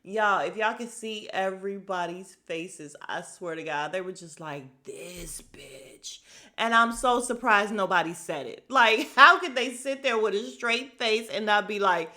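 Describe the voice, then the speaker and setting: A woman casually recapping a reality show, retelling scenes and reacting loudly and bluntly, often laughing. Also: mid-range voice, moderate pace, few pauses. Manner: animated, swings between hushed retelling and loud outbursts.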